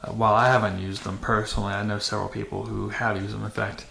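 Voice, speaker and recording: A man's voice: lowish voice, level tone, fast talker, vocal fry, bright, forceful tone. A man hosting a dirt bike vlog, talking casually to camera with many fillers and restarts in a matter-of-fact way. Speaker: channel host. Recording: echoey room with faint noise.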